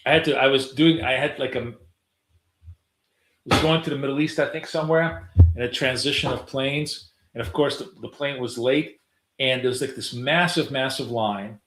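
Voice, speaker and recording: A man's voice: mid-range voice, normal speed, noisy background. Middle-aged guy streaming his trades, rambly, swears casually, bit of room echo. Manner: rambling, swears offhandedly, trails off into fillers. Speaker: day trader streaming live. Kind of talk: casual live-stream commentary. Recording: roomy, echoey room.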